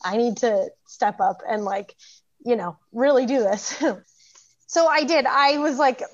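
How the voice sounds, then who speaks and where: Woman, thirties, casual storytelling, filler-heavy, laughs often, slightly high voice, dull lo-fi recording. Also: measured pace. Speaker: program graduate guest.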